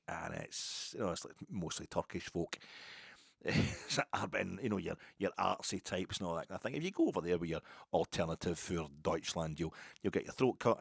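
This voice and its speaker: Deep-voiced Glaswegian man telling stories. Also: a little fast, gravelly, husky, no echo, clean studio sound. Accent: Glaswegian Scottish. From Scotland. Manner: rambling, jokey, many asides and restarts. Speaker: football podcast host. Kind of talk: casual storytelling chat.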